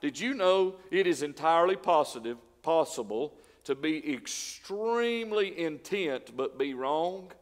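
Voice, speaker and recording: Man preaching, fairly high voice, church-hall reverb, punchy questions that rise and fall. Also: lively intonation, measured pace, few pauses. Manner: preaching with rhetorical questions, swelling and dropping in volume. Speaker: pastor. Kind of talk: sermon. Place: church sanctuary.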